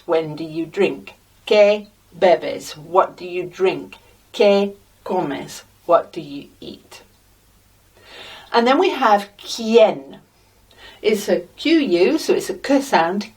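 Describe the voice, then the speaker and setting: Woman teacher going real slow and patient, repeating words, mic a bit far off. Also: medium pitch, darkish tone. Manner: patient, carefully sounds out words. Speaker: Spanish teacher. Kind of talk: slow, deliberate language lesson mixing English and Spanish. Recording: voice a little distant from the mic.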